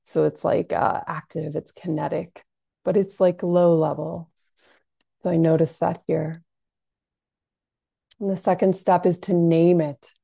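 A woman practitioner leading a gentle guided self-soothing lesson, speaking softly and calmly with frequent fillers. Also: sits low, creaky, no echo. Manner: soft, unhurried, calming delivery with frequent fillers. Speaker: compassionate inquiry practitioner.

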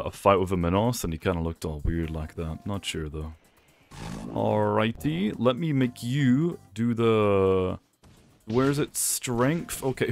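A young man giving excitable gameplay commentary, talking to himself and laughing often. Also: on the low side. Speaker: gaming YouTuber.

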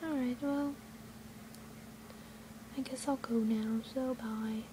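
A woman's voice: a little high, steady tone, takes it slowly, mellow, a little hiss or hum. A teenage girl whispering a rambling, goofy vlog from her bedroom on a webcam. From USA. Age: teens. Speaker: vlogger.

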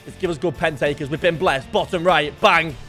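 A young man commentating his own football video game match, muttering under his breath and then bursting into shouts. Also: brisk, soft background music. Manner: excitable, swings from low muttering to shouted outbursts. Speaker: gaming YouTuber. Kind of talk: live gameplay commentary.

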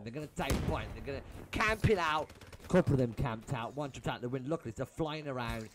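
A man's voice: fairly high pitch, background noise. A young man giving exasperated, swearing commentary over his own match replay. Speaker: gaming YouTuber. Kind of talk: profane gameplay commentary rant. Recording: game gunfire loud behind voice. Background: game gunfire and shots.

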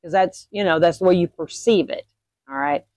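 A woman's voice: fairly low pitch, moderate pace, no room sound. Chatty woman teaching, dry close sound. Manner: chatty, checks in with "okay?" and "all right?" often; animated when acting out sudden emotions. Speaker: host teaching witchcraft. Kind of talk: casual instructional talk.

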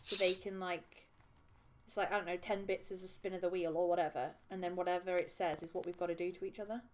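A woman's voice: on the low side, steady tone, quick pace, a little mellow. A woman hosting a live game stream, talking casually in a chatty, rambling way with lots of fillers and giggles. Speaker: streamer and host.

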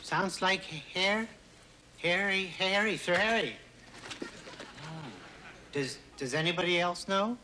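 Sly chatty courtier, kinda high, slow and deliberate, noisy old recording. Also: male voice, sharp tone, exaggerated voice. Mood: conspiratorial. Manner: guessing aloud, amused, conspiratorial.

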